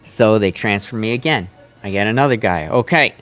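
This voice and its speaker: A man's voice: fairly low pitch, fairly quick, fairly bright tone, soft background music. A man streaming live, telling a long rant in a casual, exasperated way with plenty of profanity. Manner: exasperated, profane, building anger.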